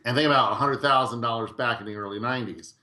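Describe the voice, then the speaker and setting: A middle-aged man, a guest in a podcast interview, telling his story in a lively way and acting out quoted dialogue. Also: medium pitch, fast. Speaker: guest real estate investor.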